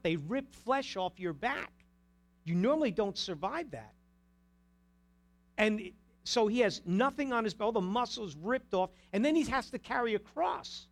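A male pastor preaching an emphatic sermon, asking the congregation pointed rhetorical questions. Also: high voice.

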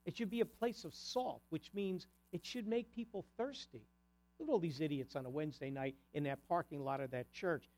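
A man preaching a sermon to his congregation, swinging between loud declarations and soft conversational asides. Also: fairly high pitch, a little fast. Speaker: pastor.

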